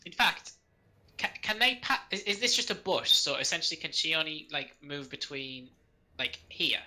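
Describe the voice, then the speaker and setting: A man's voice: on the high side, expressive, sharp tone, soft background music, rough recording. A man playing a tabletop game, talking casually and in stops and starts as he casts spells. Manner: chatty, stop-start, quick to laugh. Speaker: player casting spells.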